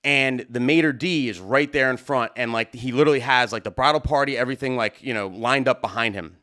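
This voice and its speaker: A man hosting a live stream, telling a story in a casual, animated way with lots of fillers. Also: mid-range voice, a little fast. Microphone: studio mic at a desk.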